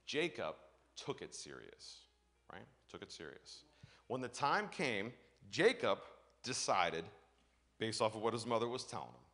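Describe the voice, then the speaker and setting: A male pastor reads a long scripture passage with a lively, animated pitch. He then breaks it down in a casual preaching voice and keeps checking in with his listeners. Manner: checks in with listeners after points. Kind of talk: sermon with scripture reading.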